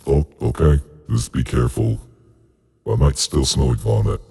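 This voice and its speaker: A man gives voice to a young working woman overwhelmed by sudden tentacles, rambling and near tears. The voice sits extremely deep, with a gravelly rasp and a breathy husk. It is a tabletop role-play in character. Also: steady tone, normal speed, warm tone, heavily acted. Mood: nervous. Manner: tearful, rambling, oversharing. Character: flustered young woman worker sprouting tentacles.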